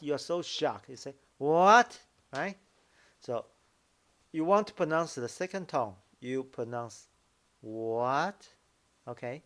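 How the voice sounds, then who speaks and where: A man teaching Mandarin tones in a casual lesson, explaining slowly and repeating example syllables. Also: mid-range voice. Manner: slow, repetitive explaining, drawing out example syllables. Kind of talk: casual language lesson commentary.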